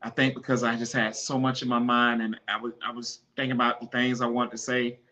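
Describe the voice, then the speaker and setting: Impassioned man, bright tense voice. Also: medium pitch, flat delivery, brisk, highs cut off. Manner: impassioned, pleading, then hushed and grieving. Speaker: podcast host. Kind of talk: emotional personal storytelling.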